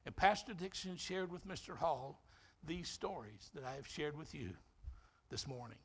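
A male pastor preaches with dramatic emphasis, moving between loud and soft passages. His voice is gravelly and husky, and it sits a little high for a man. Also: expressive, normal speed. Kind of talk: sermon storytelling.

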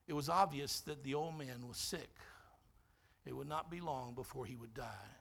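A man preaching a sermon, telling a story with dramatic, emphatic delivery that swings between loud and soft. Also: medium pitch, normal speed, creaky, slightly rough. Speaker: pastor.

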